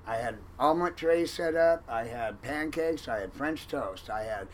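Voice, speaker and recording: A man telling a long story in an interview about his time as a fishing boat cook, animated and acting out the lines of others. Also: medium pitch, normal speed, poor audio. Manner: animated, acts out quoted lines loudly.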